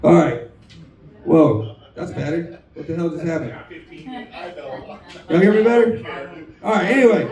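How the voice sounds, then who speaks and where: On a bar stage, a man with a handheld mic works through a stand-up set, drawling self-deprecating jokes. His voice sits fairly high and has a sing-song, unhurried lilt with vocal fry, long pauses, and a slightly mellow tone. The recording is echoey and distant, with a crowd audible in the bar.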